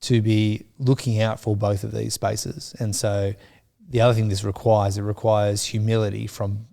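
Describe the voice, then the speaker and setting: Gravelly guy, lowish voice, thinks out loud with lots of ums. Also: flat delivery, normal speed. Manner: thoughtful, hesitant, with many fillers. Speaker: podcast co-host. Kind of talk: reflective podcast chat.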